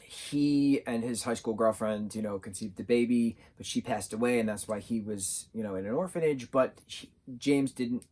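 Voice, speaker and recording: A man's voice: mid-range voice, darkish tone. Chatty man rambling through a review. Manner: chatty, rambling, many fillers. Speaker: vlogger reviewing a film. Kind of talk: casual talking-head review.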